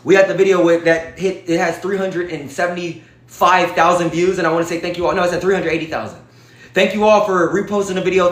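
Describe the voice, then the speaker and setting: Emphatic high-voiced man in an echoey room. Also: fairly bright tone. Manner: emphatic, preachy, addresses viewers as y'all. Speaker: vlogger. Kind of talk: casual direct-to-camera talk.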